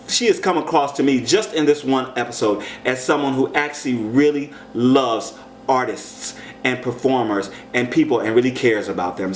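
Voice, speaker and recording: An American man giving casual commentary on a show, chatty and animated, jumping up in pitch when he quotes people. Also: reverberant.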